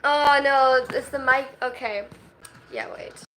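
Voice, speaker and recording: A woman's voice: high voice, slow pace, a bit bright, faint music behind. A 22-year-old woman from Germany, live-streaming at home and reading viewer comments aloud. She talks in a shy, self-conscious way, with hesitant restarts and nervous laughs.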